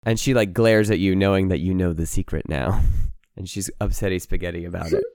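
A man's voice: deep voice, steady tone, brisk, gravelly, a little mellow, no echo, studio quality. A man narrating a tabletop game as game master, playful, with laughing asides.

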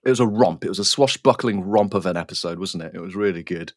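A man co-hosting a casual podcast, playful and quick with jokes and laughter. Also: sits low, no echo. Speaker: podcast co-host. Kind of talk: casual chat.

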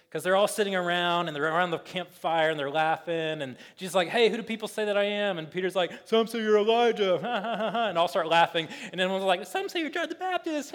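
A man's voice: fairly high pitch, in a large hall. A man preaching a sermon as pastor, talking in a loose conversational way with lots of fillers and playful retellings. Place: church sanctuary.

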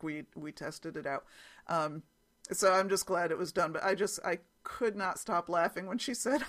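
A woman's voice: fairly low pitch, fairly bright tone. A middle-aged woman hosting a casual solo podcast, chatting and telling stories with frequent laughs and fillers. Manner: chatty storyteller, laughs often, many fillers. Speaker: podcast host.

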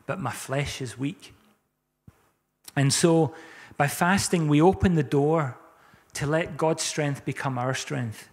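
Male pastor, relaxed chatty sermon, slightly high voice, echoing church hall. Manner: conversational, chatty preaching with rhetorical questions.

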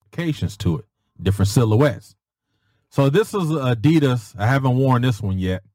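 A man hosting his own podcast, telling stories in a casual, animated way and peppering his speech with mild cuss-word substitutes. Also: normal speed, dry recording, studio quality. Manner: animated, swings his voice high for emphasis; peppers speech with "freaking" and "daggone". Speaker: podcast host. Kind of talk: casual storytelling.

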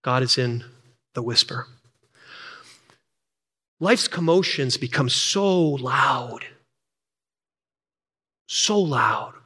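Older male preacher, bright voice, echoing hall. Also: breathy edge. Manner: swings from energetic, high, fast passages down to hushed, near-whispered emphasis; repeats key lines for emphasis. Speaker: pastor. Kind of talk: sermon. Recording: long hall reverb.

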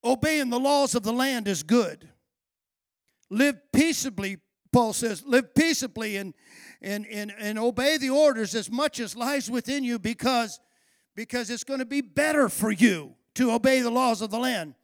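A male pastor preaching a sermon with fervor, building up to shouts on key phrases. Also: very high-pitched, normal speed, no echo.

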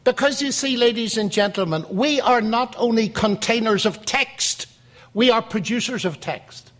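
A man giving a public lecture, telling an anecdote in a lively storytelling way. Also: extremely high pitch, moderate pace.

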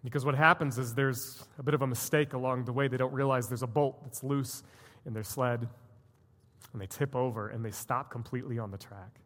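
A man's voice: medium pitch, steady tone, a little fast, fairly bright tone, big-room sound. A man preaching a sermon as a pastor, telling a story earnestly and building to emphatic points. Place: church sanctuary.

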